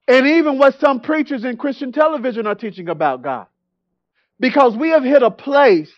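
A man with a very high voice preaches in a church, telling his own story in an animated way and often repeating words. The sound is dry and a little dull. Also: a little slow, no echo. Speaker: guest preacher. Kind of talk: sermon with personal testimony.

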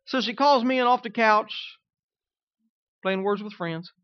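A man preaching as a pastor, swinging between loud, emphatic lines and quiet, conversational asides. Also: high voice, a little slow, clear, resonant tone, dry recording, muffled recording. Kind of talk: sermon.

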